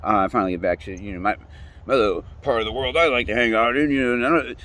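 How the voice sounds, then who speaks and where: A man's voice: mid-range voice, fast, a bit bright. A young man telling his own story in a casual rant, swearing often, repeating himself and trailing off mid-sentence. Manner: profane, rambling, repeats himself.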